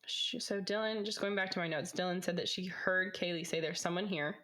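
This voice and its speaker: A woman's voice: lowish voice, steady tone, fairly quick, fairly bright tone. A young woman co-hosting a podcast, musing and asking questions in casual true-crime chat. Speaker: podcast co-host.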